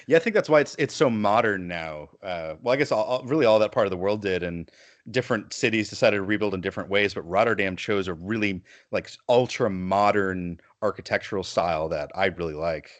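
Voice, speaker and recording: A man's voice: fairly low pitch, a little fast. A man hosting a podcast, talking in a casual, rambling way with frequent restarts. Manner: rambling, self-correcting. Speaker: podcast host. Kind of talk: casual chat.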